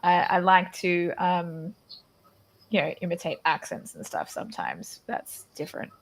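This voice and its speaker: A woman's voice: on the low side, very animated, measured pace. An Australian woman hosting a casual chat, talking loosely with many restarts and laughing often. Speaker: podcast host.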